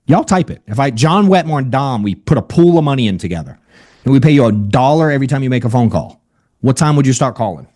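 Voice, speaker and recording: A man giving a casual, energetic sales training over a video call. He talks bluntly and keeps asking "right?" and saying "dude.". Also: medium pitch, quick pace. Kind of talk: casual motivational training talk.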